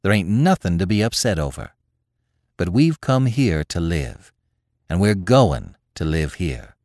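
A man voicing a stern, determined older farm wife who talks slowly and firmly in plain rural speech. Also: deep voice, very animated, darkish tone, no echo, clean studio sound.

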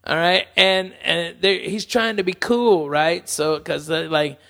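A man hosting a podcast, telling a story in a rambling, halting way, swearing freely. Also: sits high, vocal fry, a bit bright, in a large hall. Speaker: podcast host. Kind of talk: storytelling, casual talk.

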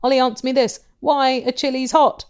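A woman co-hosting a podcast, chatting casually with dry, deadpan quips. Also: high voice, a little fast, clear, resonant tone. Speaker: podcast co-host. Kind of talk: casual chat.

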